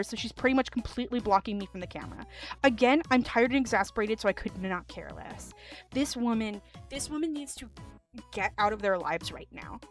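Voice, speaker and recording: A woman streamer reading online stories aloud, with animated commentary and laughing asides. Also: a little high.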